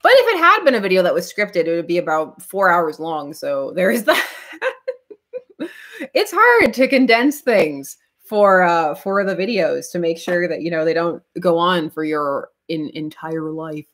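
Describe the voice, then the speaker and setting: A woman's voice: on the low side, sing-song, a little slow, a bit bright. Rambling woman hosting a comics stream. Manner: rambling, restarts often, laughs. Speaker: comic book channel host. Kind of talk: casual livestream chat.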